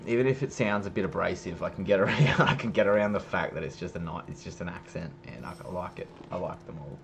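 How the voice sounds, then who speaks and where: A man's voice: low voice, fast, gravelly, background noise. A young man giving casual, joking commentary while streaming a game, swearing now and then.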